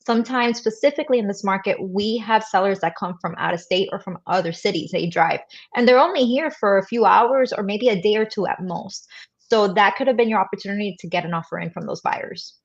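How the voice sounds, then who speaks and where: Female co-host, measured explainer, dull muffled audio. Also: mid-range voice. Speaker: real estate agent co-host. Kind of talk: casual advice chat.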